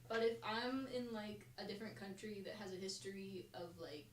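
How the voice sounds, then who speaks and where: A woman's voice: medium pitch, normal speed. A woman co-hosting a casual podcast, laid-back and playful. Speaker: podcast co-host. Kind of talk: casual chat. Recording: roomy, distant mic with background noise.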